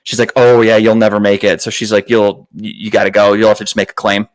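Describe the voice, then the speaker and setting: A man's voice: fairly low pitch, flat delivery, fast talker, poor audio. A man hosting a podcast, telling a story in a casual way. He curses a lot, sounds exasperated, and acts out other people's lines in a raised voice. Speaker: podcast host.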